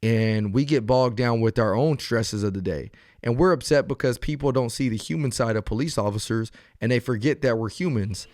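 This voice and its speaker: Man, interviewer, mid-pitched voice, dry sound, earnest, encouraging. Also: moderate pace, hardly any pauses, darkish tone, dry recording. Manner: earnest, encouraging, asks long questions. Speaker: podcast host and police officer. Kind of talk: interview and reflective talk.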